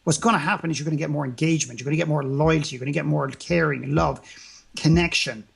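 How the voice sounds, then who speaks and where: A man's voice: on the high side, fast talker, vocal fry, slightly rough. A man speaking as an interview guest in a motivational conversation, emphatic and full of rhetorical questions and repetition.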